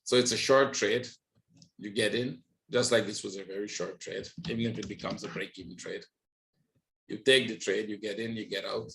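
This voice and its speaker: A man's voice: lowish voice, steady tone, normal speed, creaky, fairly bright tone, a little hiss or hum. A man hosting a trading webinar, walking through charts on screen and checking in with listeners with frequent "right?". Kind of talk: live screen-share market analysis.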